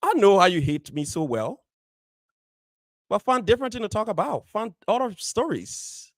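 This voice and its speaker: A man's voice: high voice, big pitch swings, moderate pace, no room sound. A man hosting a community show, speaking straight to his audience with firm emphasis and repeating key phrases. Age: adult, married. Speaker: radio show host. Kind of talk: direct address on a community show.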